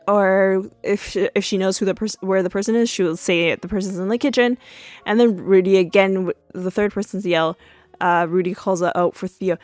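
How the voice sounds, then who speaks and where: A woman's voice: mid-range voice, moderate pace, no room sound. Woman, podcast host, casual recap, chatty, dry close sound, faint music behind. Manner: chatty, many fillers and restarts, acts out yelled quotes.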